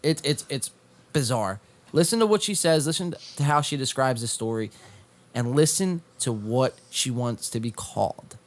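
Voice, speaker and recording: A man's voice: medium pitch, animated, moderate pace. A man hosting a podcast, talking in casual, profane banter full of filler words. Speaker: podcast host.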